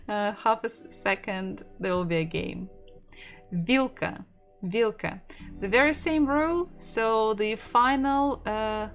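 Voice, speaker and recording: A young woman with a Russian accent teaching a beginner language lesson, slowly repeating each word for learners to echo. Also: medium pitch.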